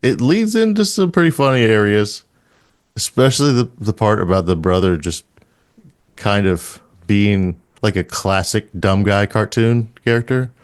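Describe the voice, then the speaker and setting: A man co-hosts a podcast in a casual chat, rambling, joking, and laughing often. His voice is on the low side and expressive, and he speaks a little slowly.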